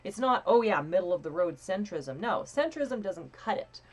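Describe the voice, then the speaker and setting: A young woman coaching a live voice training lesson in a casual, chatty way, swearing freely and demonstrating breathy and pinched sounds. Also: medium pitch, expressive, normal speed.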